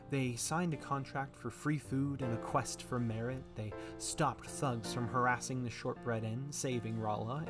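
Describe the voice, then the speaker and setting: A man narrating a tabletop fantasy game as game master, in a relaxed storytelling way. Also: mid-range voice. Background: background music.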